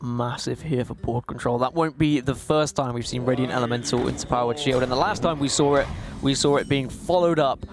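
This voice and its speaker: A man's voice: mid-range voice, fairly even intonation, fairly quick, hardly any pauses, a crowd in the background. West Country man casting a card game. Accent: West Country English. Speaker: esports caster. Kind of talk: live game commentary.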